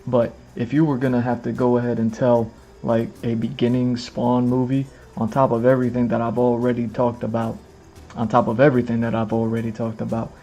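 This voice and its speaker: A man talking loosely on a live stream, circling back and repeating himself with plenty of fillers, his voice sitting at an ordinary middle pitch. Faint music plays behind him as he talks to the camera under bright lights in a room. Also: little pitch movement, a little fast, muffled recording. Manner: rambling, repeats phrases, many fillers. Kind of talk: casual livestream chat. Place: indoors in front of a camera with lights.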